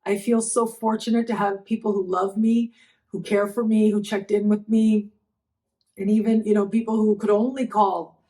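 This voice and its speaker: A woman's voice: medium pitch, little pitch movement, mellow. Middle-aged woman, astrology vlog host, emotional and grateful, stops and starts, recovering after bed rest. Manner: emotional, grateful, halting with repeated thanks. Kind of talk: heartfelt personal talk to camera.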